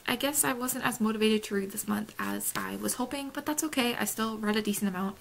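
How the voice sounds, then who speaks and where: Chatty woman with a creaky voice. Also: medium pitch, fairly bright tone, rough recording. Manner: rambling, chatty, laughs often. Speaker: book vlogger. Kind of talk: casual chatty vlog.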